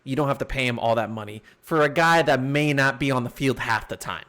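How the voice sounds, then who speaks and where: A young man co-hosting a sports podcast in casual chat, animated and quick to laugh loudly. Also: mid-range voice. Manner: animated, laughs loudly, breaks into mock impressions. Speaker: podcast co-host.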